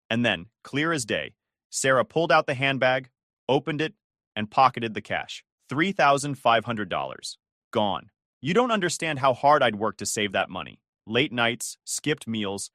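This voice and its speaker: A man's voice: medium pitch, fairly bright tone, dry recording, studio quality. A man narrating a dramatic first-person story in an indignant, emphatic way.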